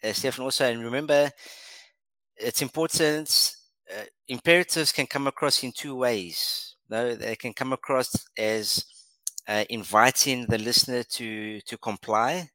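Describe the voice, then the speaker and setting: A man's voice: mid-range voice, unhurried, pushed and bright, no echo, low-quality recording. A man co-hosting an English lesson podcast, encouraging and praising often, with many uh fillers. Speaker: podcast co-host.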